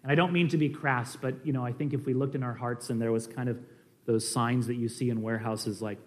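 A man teaching in an earnest, conversational sermon style, swinging between emphatic stresses and quiet asides, with fillers and restarts. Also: mid-range voice, fairly even intonation, brisk. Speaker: preacher.

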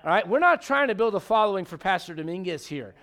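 A man's voice: high voice, sing-song, quick pace, pushed and bright. A male pastor preaching a conversational sermon to his congregation, emphatic and full of questions to the room. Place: church sanctuary.

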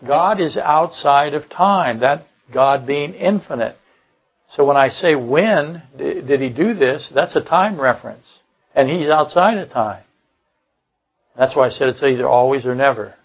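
A man's voice: medium pitch, animated, a little slow, low-quality recording. An older man preaching a sermon, blunt and combative, often repeating and restarting his phrases. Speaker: pastor. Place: church service.

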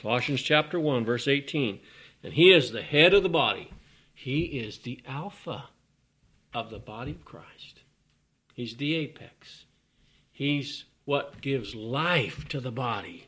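A man's voice: mid-range voice, lively intonation, measured pace, a bit bright, husky. A man preaching a folksy, emphatic sermon, with sudden rising bursts.

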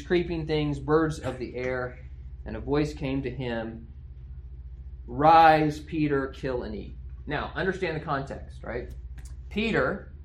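A male pastor preaching an expository sermon in a conversational way, often checking in with his listeners through rhetorical questions. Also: a little high.

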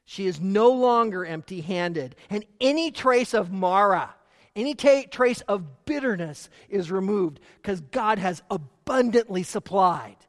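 A middle-aged man preaching from the pulpit in a high, lifted voice. He asks rhetorical questions and swings between loud emphatic bursts and quiet asides. The sound carries a long reverb tail off a large church hall. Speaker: pastor. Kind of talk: sermon.

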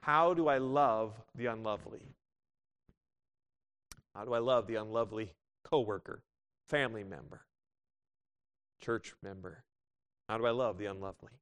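A male pastor preaching a sermon, moving from loud exclamations to quiet asides and reading scripture in older biblical wording. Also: fairly low pitch, moderate pace, long pauses, clean tone. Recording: long hall reverb.

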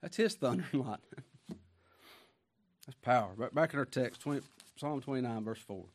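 Male preacher, mid-pitch, folksy sermon delivery with big swings in volume and slow, weighty scripture reading. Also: expressive. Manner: folksy and conversational, swinging from hushed asides to booming emphasis; reads scripture slowly with stretched, weighty phrasing.

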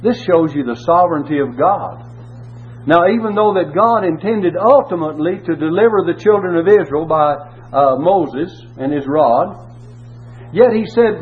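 High-voiced preacher on tinny audio. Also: male voice, lively intonation, moderate pace. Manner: emphatic, repeats key words, asks rhetorical questions. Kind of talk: sermon with scripture reading. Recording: tinny phone-like audio with faint hum.

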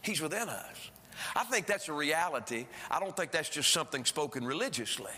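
Preacher guy, high bright voice, big swings up and down, long church echo. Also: lively intonation, fairly quick, husky. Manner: preaching with emphatic rises and drops. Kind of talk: sermon. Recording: preaching in a reverberant church hall.

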